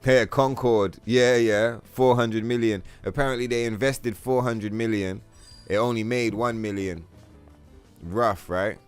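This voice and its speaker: A man's voice: mid-range voice, steady tone, measured pace, clean tone. A young man hosting a gaming livestream, chatting casually with viewers in a profane, rambling way full of fillers. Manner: reads chat aloud and answers viewers. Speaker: livestream host. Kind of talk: casual gaming stream chat. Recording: faint music behind the voice.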